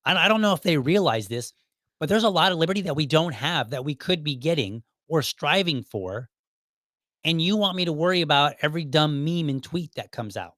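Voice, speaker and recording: A man's voice: a little high, lively intonation, a little fast, fairly bright tone, no room sound, clean studio sound. A man in his thirties hosting a solo podcast, talking casually and with exasperation, full of restarts and quoted asides. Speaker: podcast host.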